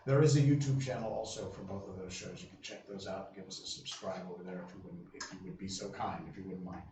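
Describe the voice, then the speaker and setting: A man's voice: sits low, quick pace, dark tone, recorded from a distance. A man chats loosely with his live-stream viewers, trailing off and restarting often. His voice sits back from the mic in a roomy, echoing space. A faint hum of background noise runs underneath. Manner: rambling, lots of fillers and restarts. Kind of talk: casual chat with viewers.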